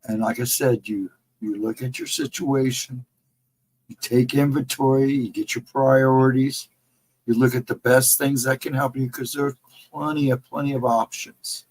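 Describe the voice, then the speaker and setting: A man's voice: mid-range voice, steady tone, normal speed, a little mellow, low-quality recording. A middle-aged man co-hosting a casual livestream chat, talking in an earnest, encouraging way and repeating his advice. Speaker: livestream co-host.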